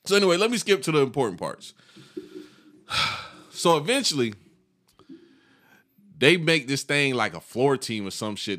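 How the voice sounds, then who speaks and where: A man's voice: medium pitch, fairly bright tone. A man in his thirties telling a long, profane story in casual chat, laughing and acting out the people in it.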